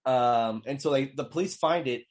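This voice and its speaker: A man co-hosts a podcast, chatting casually about a film in a rambling way full of fillers and restarts. He has a mid-range voice at normal speed.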